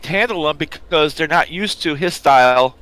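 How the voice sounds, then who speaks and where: A man's voice: fairly high pitch, moderate pace, a bit bright, no room sound. A man co-hosting a casual chat, throwing in blunt wisecracks.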